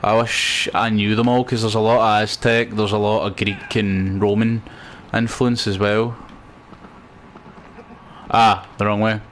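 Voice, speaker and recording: A man's voice: on the low side, little pitch movement, measured pace, long pauses, a bit bright, slight background noise. A Scottish man chatting loosely while streaming a video game, rambling with lots of fillers. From Scotland. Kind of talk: casual gameplay commentary.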